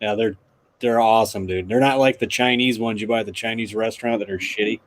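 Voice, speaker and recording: A man's voice: on the low side, steady tone, quick pace. Joking man chatting on a live stream. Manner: laughs often, joking. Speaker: car YouTuber on a live stream. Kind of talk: casual chat.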